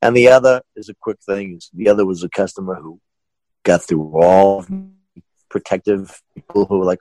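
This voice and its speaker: A man who manages a haunted house, telling a funny customer anecdote with animated delivery and frequent laughs. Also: sits low, moderate pace, no echo, low-quality recording. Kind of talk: storytelling anecdote.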